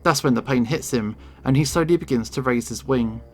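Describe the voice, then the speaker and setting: A man's voice: medium pitch, fairly quick, a little mellow. A man reading a visual novel aloud in first person, with dramatic expression. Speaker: game reader.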